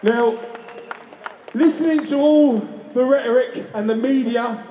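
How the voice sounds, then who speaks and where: A man's voice: very high voice, unhurried. A man giving an impassioned speech at an outdoor rally. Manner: chanting, impassioned, self-deprecating. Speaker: rally speaker. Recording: distant, echoey, dull PA sound in a street. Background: crowd noise.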